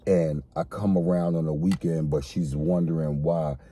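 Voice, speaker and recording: A man with a low, dark, husky voice talks through a casual podcast chat. He explains things earnestly, slowly, and often restates a phrase before he goes on. The sound is dry and close to the mic. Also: fairly even intonation, no echo. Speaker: podcast co-host.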